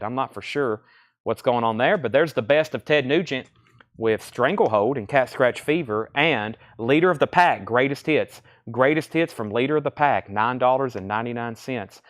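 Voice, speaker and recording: A man hosting a live-streamed record sale, calling out titles and prices in a brisk, running patter, thinking aloud as he checks each record. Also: mid-range voice.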